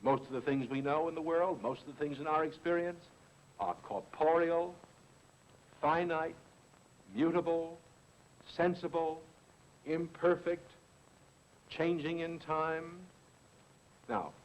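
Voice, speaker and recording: A middle-aged man, a philosopher and teacher, giving a deliberate, emphatic lecture with repeated stresses on key words. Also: fairly high pitch, steady tone, rough recording.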